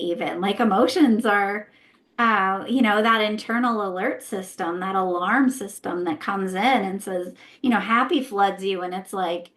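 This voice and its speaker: A woman guest on a podcast walks through her thinking in a relaxed, conversational way. She keeps checking in with "right?" and asks herself rhetorical questions as she explains. She speaks at a middle pitch. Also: normal speed. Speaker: guest, intuitive healer and former therapist.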